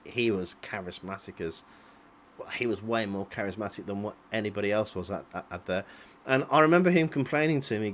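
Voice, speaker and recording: A man's voice: on the low side, slight background noise. A man in his late twenties giving casual, rambling commentary over old video clips, swearing freely and chuckling to himself. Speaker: vlogger.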